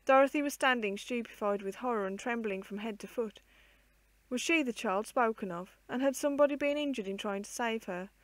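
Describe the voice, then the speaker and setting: A woman reading an old children's book aloud in a measured, expressive way. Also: on the high side, no room sound. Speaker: storyteller.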